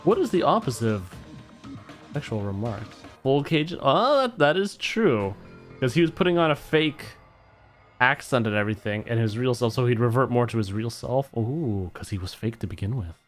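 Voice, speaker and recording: Man game streamer, jokey, voices the characters, very lively pitch, faint music underneath. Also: normal speed. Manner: animated, jokey, reads characters' lines in put-on voices. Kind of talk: reading game dialogue aloud with commentary.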